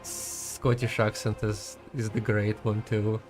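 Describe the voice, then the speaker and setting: A man's voice: fairly low pitch, level tone, slow pace, over music. A man giving casual gaming commentary as a streamer, chatty and giggly, rambling as he talks.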